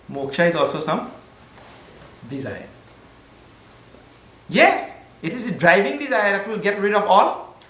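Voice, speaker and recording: A man gives a conversational spiritual discourse, using Sanskrit terms and gentle humor. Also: medium pitch, echoey room, a little hiss or hum, low-quality recording. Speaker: spiritual teacher.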